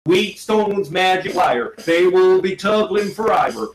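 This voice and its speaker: A man's voice: high-pitched, animated. A man giving a theatrical, sing-song reading of a literary text in a live performance. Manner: slow, incantatory, sing-song delivery. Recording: echoey room with music behind, live stream.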